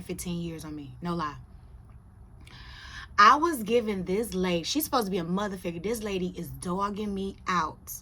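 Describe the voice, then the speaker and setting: A young adult woman chatting casually on her vlog, telling a story with big swings from low, quiet asides to loud, high exclamations. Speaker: vlogger. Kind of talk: casual chat.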